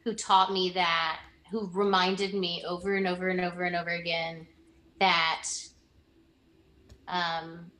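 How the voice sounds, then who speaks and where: A woman's voice: lowish voice, flat delivery, unhurried, a bit bright, reverberant, a little hiss or hum. A young woman in a casual interview, talking earnestly about past mentors and often restarting her sentences. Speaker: interviewee, former student.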